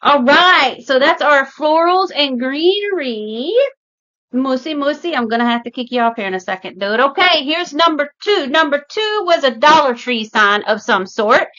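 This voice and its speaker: A woman hosting her craft channel, chatting excitedly and gushing as she opens a mystery box. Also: high-pitched, normal speed, muffled recording. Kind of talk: casual unboxing vlog.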